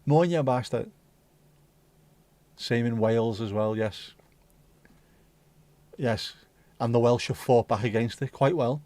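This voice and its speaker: A man's voice: mid-range voice, fairly even intonation, a little slow, pauses often, warm tone, no room sound. A man hosting a livestream, chatting casually and swearing as he reads out and banters with viewer comments. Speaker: livestream host. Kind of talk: casual chat reading out live chat.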